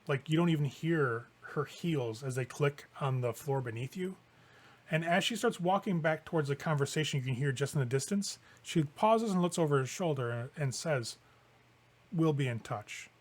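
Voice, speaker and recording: A man acts as game master for a tabletop game, narrating in a descriptive, casual way with fillers like "kinda." His voice is fairly high and his speed normal.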